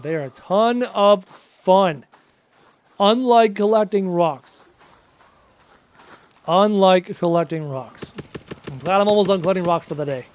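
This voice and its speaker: A man in his late twenties chatting casually on a live stream while he plays, answering chat questions aloud with self-mocking jokes, his voice wearing out. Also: high voice. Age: late 20s.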